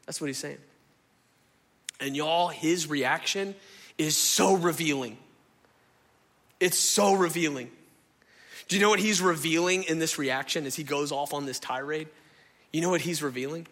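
A man, preaching a sermon in a lively, conversational way and often turning to the congregation. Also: on the high side, a little slow, pauses often. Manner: animated, conversational preaching, addresses crowd as y'all. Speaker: pastor. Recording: echoey hall.

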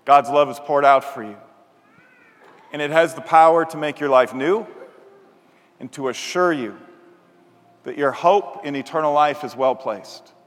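A man's voice: fairly high pitch, a little slow, pauses often. Man preaching in a reverberant hall. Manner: animated, acts out quoted voices. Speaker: pastor. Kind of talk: sermon with storytelling.

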